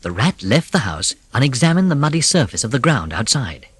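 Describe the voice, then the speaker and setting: An audiobook narrator reading a classic storybook, expressive, with whispered moments of suspense. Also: mid-range voice, fairly quick, very noisy.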